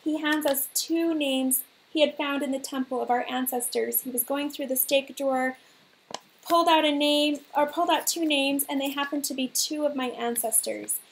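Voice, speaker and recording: A woman hosting a faith livestream, telling a story to her viewers in an earnest, animated way and repeating phrases for emphasis. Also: high voice, moderate pace, slight background noise.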